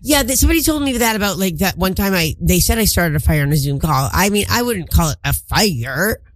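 A woman's voice: on the low side, animated, brisk, no echo. A young woman talking casually as a podcast co-host, rambling and laughing often. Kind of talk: casual chat.

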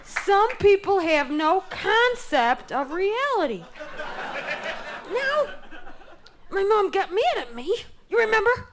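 High-voiced woman doing absurd stand-up. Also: big pitch swings, slow, long pauses. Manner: absurd one-liners delivered with mock seriousness. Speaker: stand-up comedian. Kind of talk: stand-up comedy routine. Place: comedy stage before an audience. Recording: noisy live recording.

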